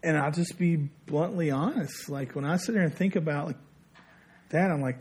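Guy preaching, kinda husky, a bit high for a man, chatty storytelling sermon. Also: normal speed, darkish tone. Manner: conversational storytelling, quoting others in lowered voice. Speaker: pastor.

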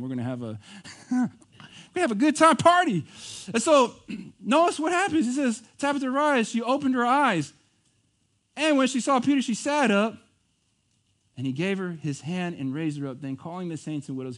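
A man preaching a sermon in a conversational way, asking the congregation questions and laughing between points. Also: a little high. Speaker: pastor.

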